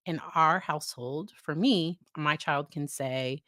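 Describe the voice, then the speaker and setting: A woman's voice: low-pitched, very animated, moderate pace, hardly any pauses, fairly bright tone, dry recording, clean studio sound. A woman psychologist talking casually about parenting, often laughing and acting out exchanges with her child. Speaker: psychologist host. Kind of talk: casual educational talk.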